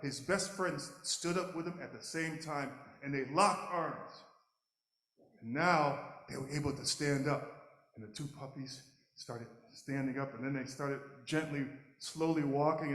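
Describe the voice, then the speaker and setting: A man telling a folk tale to a live audience, animated and playful, often chuckling. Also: on the high side. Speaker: storyteller. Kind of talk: live storytelling. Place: large hall at a live event. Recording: echoey hall, live audience.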